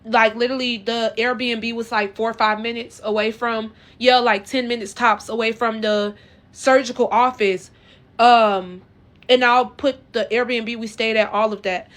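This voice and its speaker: A woman telling her own story to her viewers in a casual, earnest way, rambling and halting with lots of fillers and restarts. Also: on the high side, steady tone, a bit bright. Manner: earnest and emotional.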